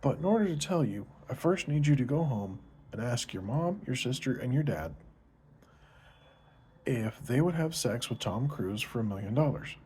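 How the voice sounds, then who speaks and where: A man's voice: mid-range voice, expressive, normal speed, darkish tone, a little hiss or hum, pitched above the performer's own voice, natural voice. A man voicing a cheeky little schoolboy who delivers a prank in a smug, knowing way. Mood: scheming.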